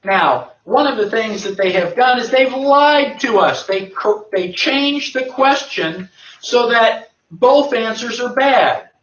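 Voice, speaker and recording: A man's voice: very high voice, expressive, slow pace, a bit bright. A man giving an emphatic lecture to an audience, firing rhetorical questions and answering them himself. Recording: echoey, distant, dull lo-fi.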